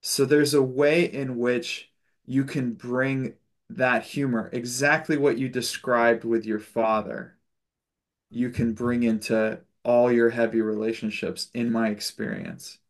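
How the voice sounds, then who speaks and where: A man's voice: mid-range voice, fairly even intonation, slow pace. A man leading a spiritual discussion group on a video call, telling stories in a loose, chatty way with fillers and restarts and an occasional chuckle. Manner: loose storytelling with frequent fillers and self-corrections.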